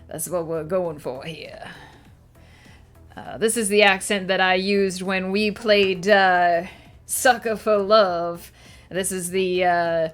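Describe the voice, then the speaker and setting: A woman's voice: mid-range voice, natural voice. A woman putting on a broad exaggerated Southern drawl. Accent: exaggerated old-movie American Southern. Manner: hammy put-on drawl, chatty with many fillers. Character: exaggerated old-fashioned Southern-talking woman, chatty. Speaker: streamer and writer. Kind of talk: casual live stream chat.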